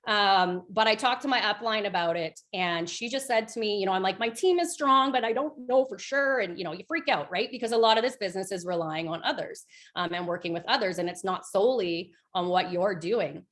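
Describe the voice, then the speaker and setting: A woman in her thirties, a direct sales team leader, giving a chatty motivational talk on a group call, full of fillers and lively storytelling. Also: medium pitch, brisk.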